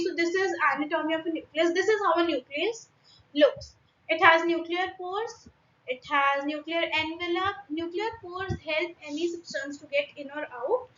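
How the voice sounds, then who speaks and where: A woman's voice: very high-pitched, bright, forceful tone. A young woman with an Indian English accent teaching a biology class online, explaining diagrams with frequent fillers and restarts. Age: young adult. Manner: hesitant, many fillers and restarts. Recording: echoey room, dull lo-fi sound.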